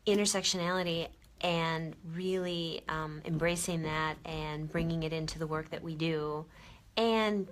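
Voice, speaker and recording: A woman's voice: deep voice, steady tone, a little slow. A woman interviewer asking long, rambling questions in a casual interview.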